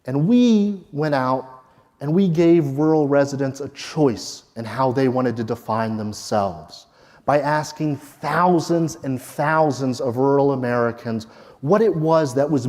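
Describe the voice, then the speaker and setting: A man's voice: mid-range voice, a little mellow, big-room sound. A man presenting his research as a lecture, speaking directly to the audience and checking in with "okay?" and "right?".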